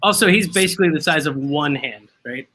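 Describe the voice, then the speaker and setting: A man's voice: on the high side, a little fast, pushed and bright, slightly rough, rough recording. A man hosting a casual chat over drinks, laughing often and making fun of himself. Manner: laughs often, self-mocking.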